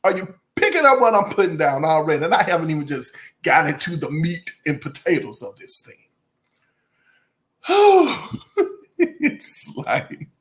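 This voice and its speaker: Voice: mid-range voice, quick pace, hardly any pauses. A music channel host giving casual commentary, laughing often and talking straight to the viewers with folksy asides. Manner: laughs often, chatty and animated.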